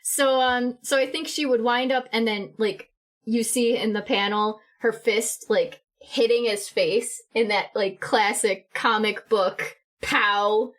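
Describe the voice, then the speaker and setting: A woman with a fairly high voice describes her hero's actions in a tabletop game. She laughs often and hedges with many fillers. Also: fairly even intonation, slow, a bit bright. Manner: giggly, hesitant, many fillers. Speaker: player. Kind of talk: tabletop role-play chat.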